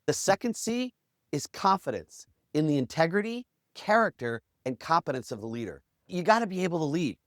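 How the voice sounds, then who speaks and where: A man with a fairly high voice tells a story with lively, swooping pitch, as a podcast host. He acts out each quote in a different voice. The sound is close and dry, with no room behind it. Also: fairly quick, no room sound. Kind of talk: motivational storytelling talk.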